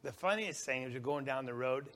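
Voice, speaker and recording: A man's voice: medium pitch, lively intonation, a little fast, fairly bright tone. A man giving a rambling, folksy slide-show talk about a mission trip to a live audience. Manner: folksy, rambling, with small restarts and laughs.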